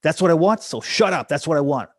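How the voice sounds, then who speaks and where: A man's voice: fairly high pitch, animated, fast talker, dry recording. A man voicing a stubborn male salesman answering questions on stage with blunt, insistent replies.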